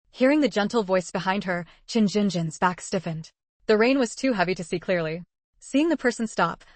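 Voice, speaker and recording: Female narrator, steady story reading, mid pitch, dry booth sound. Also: dry recording.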